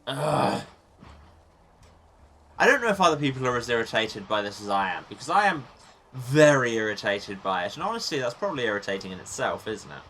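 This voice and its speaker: A man's voice: mid-range voice, pushed and bright. A man hosting a let's play, giving chatty, self-mocking gaming commentary from a small sealed room and muttering to himself as he plays.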